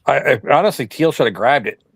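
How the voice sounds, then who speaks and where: A man's voice: mid-range voice, lively intonation, a little fast, vocal fry, husky, no room sound. A man co-hosting a podcast over a video call, giving blunt, offhand opinions. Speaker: podcast co-host. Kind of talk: casual chat.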